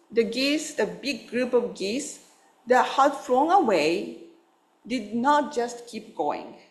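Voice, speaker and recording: A woman minister speaks at a slow, gentle pace, telling a personal story in her dharma talk. Her voice sits at a middle pitch, and the hall gives it a roomy echo. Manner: gentle, unhurried storytelling with fillers. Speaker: Buddhist minister.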